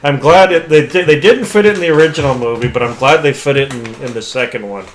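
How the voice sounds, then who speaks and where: A man's voice: mid-range voice, quick pace, a little hiss or hum. A man co-hosting a podcast, casually retelling a movie plot in a rambling way, with frequent "like" fillers. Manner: rambling retelling, heavy use of "like". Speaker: podcast co-host.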